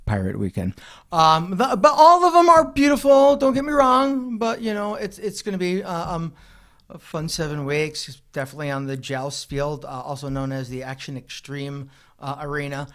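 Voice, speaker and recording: A man's voice: fairly high pitch, normal speed, a bit bright. A man co-hosting a casual talk show, making wry asides. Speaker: co-host. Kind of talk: casual chat.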